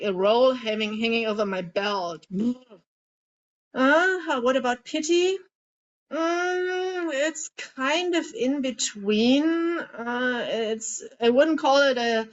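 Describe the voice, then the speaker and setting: A woman with a fairly high voice leads a tapping circle over a video call, speaking slowly and soothingly. Her sound comes through slightly dull and lo-fi, like online call audio. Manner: slow, soothing guidance with emotive example lines. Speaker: coach leading a tapping group. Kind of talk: guided group coaching session.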